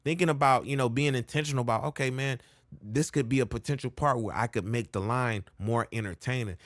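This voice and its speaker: A man's voice: medium pitch, fairly quick, no echo. Chill guy explaining rap flows, slangy and loose, dry close sound, mid voice. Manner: laid-back, slangy, frequent "all right?" check-ins. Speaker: rap coach. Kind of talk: casual music lesson with rap demos.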